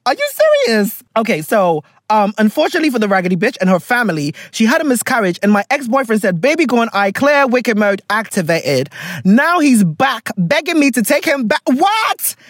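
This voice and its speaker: A vlogger reading a viewer's letter aloud and reacting with animated, laughing commentary in casual storytime style. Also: mid-range voice, fairly quick, few pauses, no room sound, studio quality.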